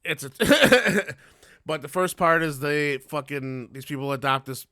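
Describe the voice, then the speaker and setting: Gravelly, bright-toned man, casual podcast co-host, swears and laughs through loose stories; dry close mic. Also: fairly high pitch, lively intonation, unhurried, dry recording. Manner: profane, laughing, rambling storyteller. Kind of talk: casual chat.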